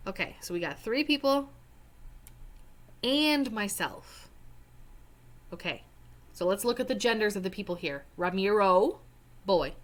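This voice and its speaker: A young woman takes students through a worksheet one step at a time, the way a teacher talks over a screen recording. Her pace is slow and deliberate. She is patient and addresses the students directly, sometimes spelling words out letter by letter. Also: mid-range voice. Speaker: Spanish teacher. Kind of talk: screen-recorded lesson walkthrough.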